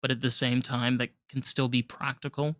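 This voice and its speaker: A man's voice: medium pitch, little pitch movement, normal speed, sharp tone, no echo. A man hosting a podcast, talking casually with lots of fillers and sarcastic asides. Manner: rambling, filler-heavy, sarcastic. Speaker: podcast host. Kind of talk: casual interview chat. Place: South Florida.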